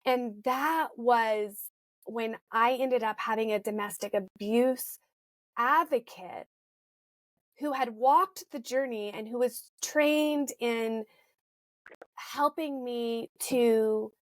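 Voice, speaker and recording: A woman's voice: fairly high pitch, slow, no echo. A woman hosting an interview, reflectively sharing her own experience. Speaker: podcast host. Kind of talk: conversational interview.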